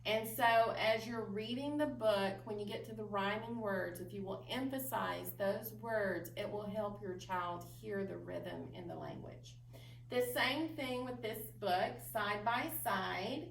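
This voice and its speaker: A woman librarian giving patient instructional advice to parents, explaining slowly with frequent ums. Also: medium pitch, animated, vocal fry. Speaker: children's librarian. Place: library room. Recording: roomy distant mic with faint noise.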